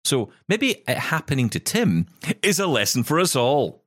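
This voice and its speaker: A man co-hosting a chatty tech podcast, trading quick teasing banter with his partner. His pitch swings widely as he talks, and the sound is close and dry with no room around it. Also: very animated, a bit bright, no echo. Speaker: podcast co-host. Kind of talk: casual chat.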